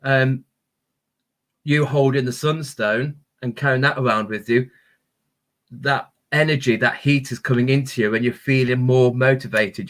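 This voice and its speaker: Brief: man, crystal-healing livestream host, gentle and encouraging, mid pitch. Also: steady tone, normal speed. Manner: gentle, encouraging, spiritual talk with many ums. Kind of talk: live-stream chat reading viewer comments.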